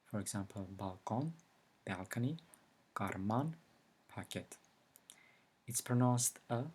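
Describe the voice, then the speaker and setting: A man giving a recorded language lesson, explaining slowly and carefully with example words. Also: fairly low pitch, a little mellow, husky. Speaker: language teacher.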